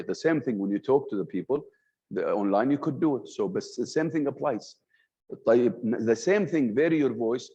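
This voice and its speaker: A man's voice: medium pitch, slightly rough. A man, an Arabic speaker, lecturing a class on communication and freely raising and dropping his voice as he mixes Arabic words into his English. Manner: animated, swings his voice up and down on purpose. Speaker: trainer in communication skills. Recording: dull lo-fi sound.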